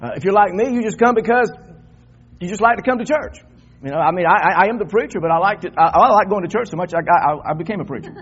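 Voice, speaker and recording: A man's voice: high voice, slightly rough. An older man preaching an Easter sermon in a church, talking conversationally and climbing into fervent emphasis. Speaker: pastor. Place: church sanctuary. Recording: dull lo-fi church recording.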